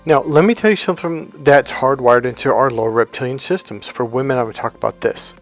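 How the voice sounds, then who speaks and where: A man coaching on dating tells a story from his own life in a lively, talkative way. His pitch sits mid-range, and he leaps up high whenever he quotes his girlfriend. Faint music runs under his voice. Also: brisk. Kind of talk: storytelling monologue.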